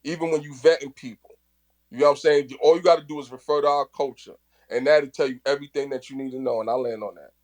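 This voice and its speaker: A man's voice: medium pitch, fairly even intonation, quick pace, darkish tone, rough recording. A man from the Bronx, speaking passionately in a casual audio chat and often repeating and restarting his words. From New York, the Bronx.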